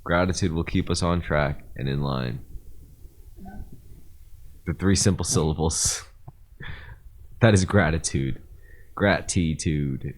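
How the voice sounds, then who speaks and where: A man's voice: a bass voice, takes it slowly, pauses often. A man co-hosting a podcast in casual banter, playful and teasing, often laughing and stretching words out for effect. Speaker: podcast co-host.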